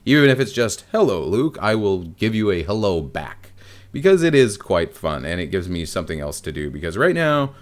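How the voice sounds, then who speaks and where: A man with an American accent, chatting casually to his viewers as a video host, rambling with wry asides. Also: low voice. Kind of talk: casual chat to camera.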